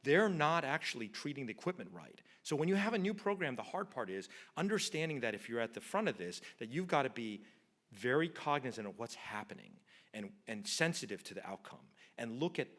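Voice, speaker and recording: A man's voice: medium pitch, sing-song, brisk, a bit bright. A man, a spine surgeon, giving a conference lecture in a conversational way, telling stories and ending many sentences with "right?". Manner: conversational, tags nearly every point with "right?", acts out quoted dialogue. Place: lecture hall.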